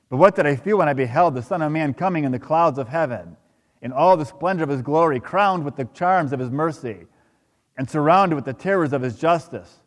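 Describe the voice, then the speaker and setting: A man reading a dramatic account aloud during a sermon, in a solemn and dramatic manner. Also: mid-range voice. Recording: long hall reverb.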